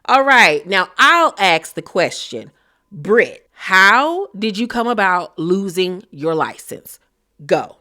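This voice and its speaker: A woman's voice: medium pitch, animated, slow pace, bright, forceful tone. A woman voicing a blunt, sarcastic woman who mocks and laughs at others. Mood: mocking.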